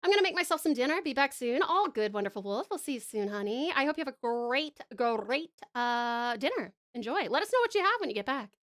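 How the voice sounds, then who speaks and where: Brisk and sing-song, her high, slightly bright voice barely pauses. The Australian streamer and voice actor casually works through viewer messages, laughing often and trailing off mid-thought.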